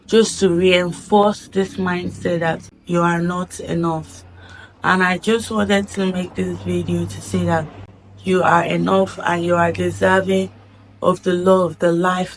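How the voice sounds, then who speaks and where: A woman's voice: on the low side, slight background noise. A woman speaking in a heartfelt personal vlog, earnest and reflective, repeating phrases for emphasis. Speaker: vlogger.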